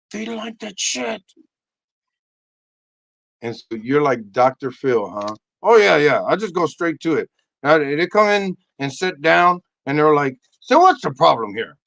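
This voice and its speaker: A man hosting a crude comedic monologue, animated and loud, often breaking into shouts. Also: on the high side, no room sound. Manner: animated, crude, bursts into shouts and silly voices. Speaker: comedy host.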